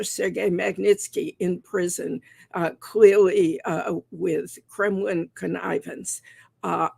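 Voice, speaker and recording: Gravelly older woman hosting an interview. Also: mid-range voice, darkish tone, no echo. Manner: measured, with frequent "uh" fillers. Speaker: host, newspaper columnist. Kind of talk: live online interview.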